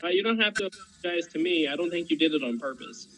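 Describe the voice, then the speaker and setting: A man's voice: fairly high pitch, expressive, quick pace, fairly bright tone, poor audio. A man chatting as a guest on a live stream, with dry, self-deprecating humor. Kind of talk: casual chat.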